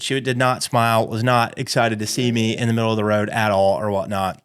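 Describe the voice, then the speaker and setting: A man in casual podcast chat who keeps looping back with "anyways" between bits of a rambling story. his pitch sits right in the middle for a man, neither high nor low, and he talks the way a co-host does when he is easing into a tale. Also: moderate pace, hardly any pauses, fairly bright tone, smooth. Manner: rambling, filler-heavy storytelling with frequent "anyways". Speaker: podcast co-host and dog trainer.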